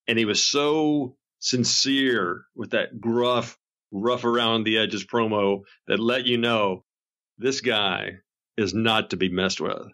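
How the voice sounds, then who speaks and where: A man earnestly reminiscing as a guest, with halting restarts and fillers. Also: fairly low pitch, fairly even intonation, fairly bright tone. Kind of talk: reminiscing casual talk.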